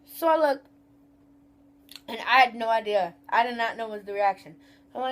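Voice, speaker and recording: A young woman tells a story from work in a rambling, profane, casual rant. Her voice sits a little high for a woman. She keeps slipping into mimicry of rude customers. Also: moderate pace, pauses often. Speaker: vlogger.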